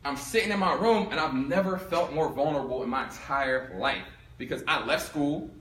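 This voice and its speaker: A young man from Philadelphia giving a storytelling talk to a live audience, animated and acting out both sides of his story. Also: fairly high pitch, moderate pace, a little hiss or hum. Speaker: speaker giving a talk on income. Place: room with an audience. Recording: echoey room.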